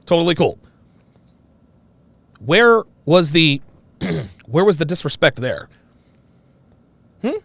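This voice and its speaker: Animated, mocking male host. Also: on the high side, slow, vocal fry, long pauses, no room sound. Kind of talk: commentary on a played call-in clip.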